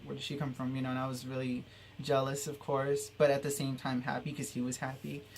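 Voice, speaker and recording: Young guy vlogging his story, gravelly flat voice, rambles a lot, faint hiss behind. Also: mid-range voice, brisk. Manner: rambling, heartfelt, many fillers. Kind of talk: personal storytelling vlog.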